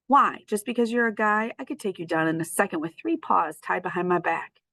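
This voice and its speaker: Woman doing a sarcastic tough sister dog, storybook, raised pitch, dry. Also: animated, fairly quick, a bit bright, dry recording. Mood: scoffing. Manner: scoffing, sarcastic.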